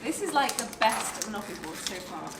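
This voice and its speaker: A woman's voice: medium pitch, very animated, fairly quick. A woman co-hosting a casual unboxing chat, chatty and playful. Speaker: co-host. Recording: echoey room, mic at a distance, noisy.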